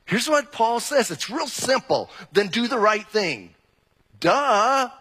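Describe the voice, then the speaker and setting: A man preaching a sermon as pastor, conversational and animated, firing direct questions at his congregation. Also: extremely high pitch, slow pace, breathy edge. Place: church hall. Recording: long hall reverb.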